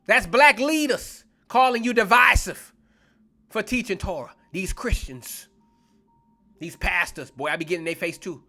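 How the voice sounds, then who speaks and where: A man preaching a fiery online sermon, blunt, confrontational and profane, slowing down to stretch key words for emphasis. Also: high-pitched, sharp tone, soft background music.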